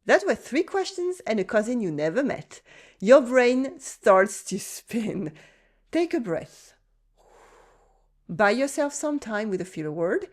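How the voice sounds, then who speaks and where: A woman with a French accent teaching French, narrating a calm, encouraging scripted lesson. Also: mid-range voice, takes it slowly. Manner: calm, encouraging, acts out short French dialogue lines.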